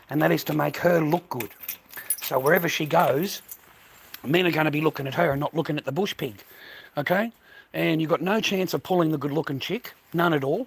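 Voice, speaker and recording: A man's voice: medium pitch, a bit bright. Crude, rambling Australian man. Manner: crude, profane, repetitive, calls listeners mate and boys. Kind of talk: rambling casual monologue to viewers.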